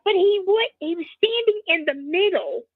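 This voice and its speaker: High-voiced woman on a tinny phone line. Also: normal speed, no room sound. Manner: animated, laughing storyteller. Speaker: co-host. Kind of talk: casual storytelling chat.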